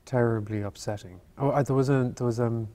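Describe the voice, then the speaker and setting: A man of middle pitch talks through a memory in an interview, pausing and restarting as he searches for words. His delivery is thoughtful and unhurried rather than polished. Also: fairly even intonation, mellow. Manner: halting, thoughtful, circles back on words. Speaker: actor as interview guest. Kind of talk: Q&A interview, reflective storytelling.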